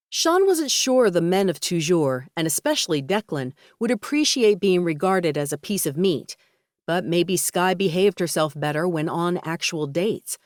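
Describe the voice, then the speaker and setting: A woman reading a romance audiobook in a steady, even storytelling voice on a close studio mic. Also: lowish voice, moderate pace, no echo. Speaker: audiobook narrator. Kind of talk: scripted narration.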